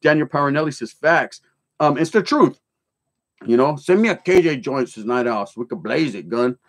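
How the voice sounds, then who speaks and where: A man's voice: medium pitch, lively intonation, normal speed. A middle-aged man, hosting a livestream. He reads chat comments aloud and tells his own stories bluntly, in swearing street slang mixed with Spanish words. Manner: blunt, storytelling, joking then serious. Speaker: livestream host.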